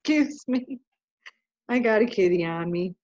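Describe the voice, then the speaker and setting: A woman's voice: mid-range voice, animated, unhurried, a little mellow, dry recording. Earnest rambling woman, muffled lo-fi audio. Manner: earnest, rambling, breaks off and restarts. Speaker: guest author. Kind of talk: casual interview talk.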